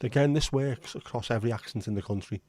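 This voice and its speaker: A man's voice: mid-range voice, quick pace, a little mellow. A man hosting a livestream in casual, rambling chat, blunt and now and then swearing. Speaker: livestream host.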